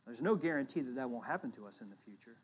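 A man preaching a sermon as pastor, retelling a scripture story with loud emphatic bursts and quiet, dropped asides. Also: medium pitch, animated, fast talker, breathy edge.

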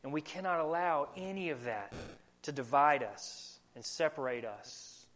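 A man's voice: on the high side, animated, measured pace, a bit bright. A young adult man with a country accent preaching a sermon as pastor, earnest and asking the congregation questions. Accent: American Southern country.

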